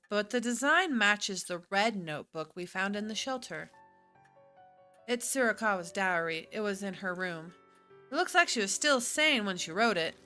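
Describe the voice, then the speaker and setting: A woman's voice: mid-range voice, pushed and bright. A woman streaming a visual novel, reading its lines aloud and chatting between them. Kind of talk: casual game stream, reading dialogue with character voices.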